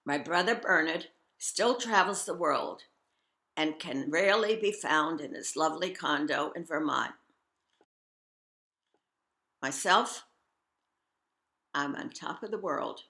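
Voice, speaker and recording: A woman's voice: low voice, measured pace, sharp tone, echoey room. An older woman from Scotland reading her personal memoir aloud, reflective with wry humor. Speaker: memoir reader.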